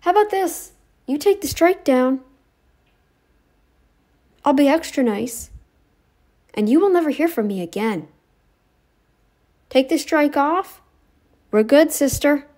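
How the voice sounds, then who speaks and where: A woman's voice: high-pitched, expressive, slow pace, pauses often, warm tone. Rambling, scolding woman vlogger. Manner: rambling, scolding, sarcastic, with many "like" fillers. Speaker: YouTube commentator. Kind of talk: ranting direct-to-camera commentary.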